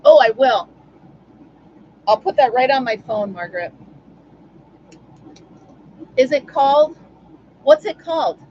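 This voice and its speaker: A woman's voice: high-pitched, animated, slow pace, long pauses, highs cut off, slight background noise. A woman hosting a casual live stream from home, chatting and answering viewers by name. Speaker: livestream host.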